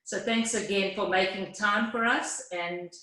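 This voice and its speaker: A woman hosting an event reads a formal, scripted introduction of the guest speaker in a read-aloud style. Her voice is medium-pitched, steady, pushed, and bright, and she speaks a little slowly. The recording has heavy room echo.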